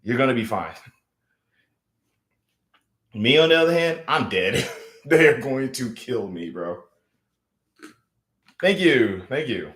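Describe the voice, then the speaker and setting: A man's voice: medium pitch, big pitch swings, slow, long pauses, a bit bright. A man chatting casually on a live stream, rambling with many fillers and restarts. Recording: roomy echo.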